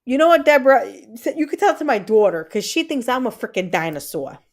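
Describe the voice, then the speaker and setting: Fairly high-pitched, sing-song, and fast, a livestream host in her thirties shares a family story casually. Every so often she interrupts herself to answer people in the live chat.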